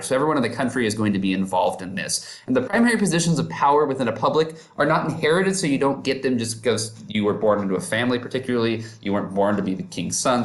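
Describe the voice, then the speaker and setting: A man giving a casual, upbeat classroom lecture who keeps checking in with his listeners. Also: mid-range voice. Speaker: teacher.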